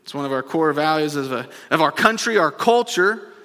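A man's voice: fairly high pitch, animated, normal speed, bright, forceful tone. A man preaching a sermon as pastor, building to emphatic repeated refrains and then dropping into chatty asides to the congregation. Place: church sanctuary. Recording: long reverb of a large hall.

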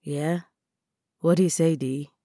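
A woman's voice: low voice, fairly even intonation, measured pace, warm tone, no room sound, clean studio sound. Woman voicing a laid-back young male artist, playful. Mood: teasing. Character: teasing easygoing young male artist friend. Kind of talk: storybook reading.

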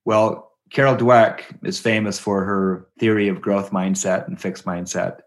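A middle-aged man talking as a guest in a conversational interview, an animated storyteller who acts out the voices he quotes and laughs as he talks. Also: fairly low pitch, a little slow. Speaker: guest, education company president.

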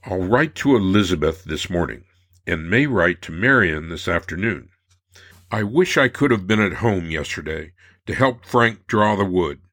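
A man with a very low, deep voice reads old personal letters aloud as a narrator. His delivery is measured and unhurried, like someone taking his time over each line of a letter. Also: animated, a bit bright.

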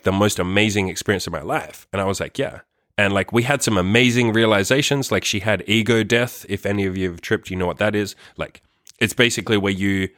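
A young man with a fairly low voice tells a personal story, rambling and profane, leaning on "like" in almost every sentence. His voice is recorded dry and close on a microphone, with no room sound. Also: fairly bright tone, no echo. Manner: rambling, profane, heavy use of "like". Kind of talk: casual storytime monologue.

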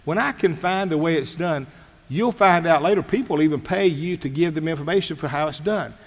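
A man gives a motivational leadership talk, emphatic and anecdotal, hammering his points with repeated phrases. His voice sits somewhat high for a man. A long reverb from a big hall follows each line. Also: brisk. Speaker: speaker on leadership.

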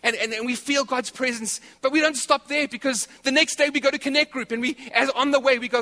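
Man preaching a sermon, high voice, bright tone, repeats himself, long hall reverb. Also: brisk, few pauses. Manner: animated preaching with repetitions. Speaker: pastor. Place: church hall.

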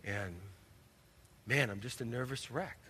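With a mid-range, pushed and bright voice at a measured pace, a male actor delivers a church drama monologue as an anxious, overwhelmed churchgoer stammering his exasperated pleas to God. The reverberant hall recording carries a little hiss or hum.

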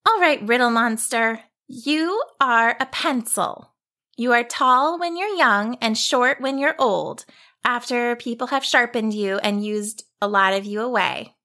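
Woman playing a bright-voiced young girl, high and eager, storybook. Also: measured pace. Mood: thoughtful. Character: bold, cheerful young girl.

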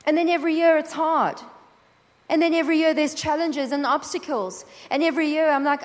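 A woman preaching at a conference, lively and acting out quoted prayers and dialogue. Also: high-pitched, brisk. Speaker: conference speaker. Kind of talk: sermon. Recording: long hall reverb.

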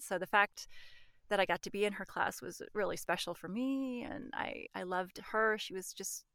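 A middle-aged American woman, a voice actress, tells her story in an interview, animated and laughing often between restarts. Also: medium pitch, gravelly, no echo. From United States. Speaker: voice actress guest.

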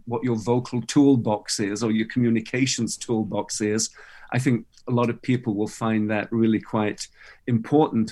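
A man hosts an interview conversation. He agrees with his guest and moves on to the next question. His voice sits at a plain middle pitch. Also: a little mellow. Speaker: interview host.

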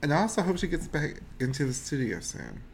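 Brief: excitable, foul-mouthed male co-host with a very lively, swinging pitch and a little background noise. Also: fairly quick, gravelly. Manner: excitable, swears a lot, laughs often. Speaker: podcast co-host. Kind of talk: casual chat.

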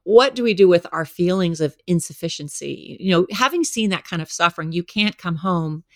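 A woman's voice: fairly low pitch, animated, fairly quick, no echo. A woman hosting an interview, asking curious, earnest questions. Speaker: interview host.

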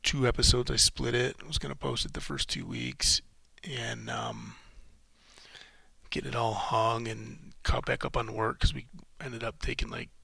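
A man talks alone into his podcast mic, his voice gravelly with a tight, sharp edge and a husky rasp. He is emotionally shaken and close to tears, rambling through halting restarts and swearing freely. The sound is dry and close. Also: mid-range voice, animated, dry recording. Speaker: podcast host. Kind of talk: solo podcast monologue.

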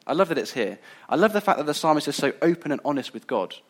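A man's voice: a little high, lively intonation, fast talker. A man giving a sermon in an earnest, conversational way. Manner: earnest, conversational, some restarts. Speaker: preacher.

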